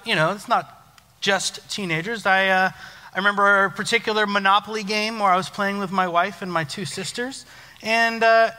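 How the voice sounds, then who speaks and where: A young adult man, a youth pastor, giving a casual, joking sermon in a church hall. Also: high voice. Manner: joking, self-deprecating, lively storytelling. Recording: long church hall reverb.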